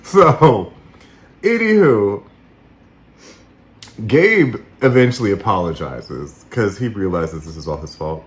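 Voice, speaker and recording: A man's voice: on the low side, big pitch swings, slow, long pauses. A man in his thirties co-hosting a casual recap podcast, telling stories with laughs and quoted asides. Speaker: podcast co-host.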